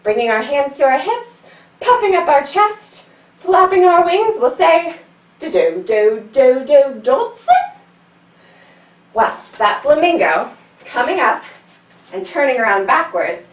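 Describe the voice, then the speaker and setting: A woman's voice: high-pitched, big pitch swings, a little slow, reverberant, recorded from a distance, rough recording. A woman teaching a children's yoga class, telling a story in a playful, sing-song way while guiding poses.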